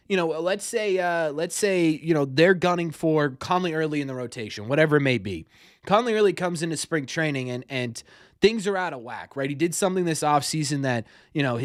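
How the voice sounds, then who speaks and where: On a dry, studio-quality recording, a young man with a fairly high voice hosts a casual sports live stream. This sports podcast host rambles as he takes viewers' questions, often stumbling and saying words twice.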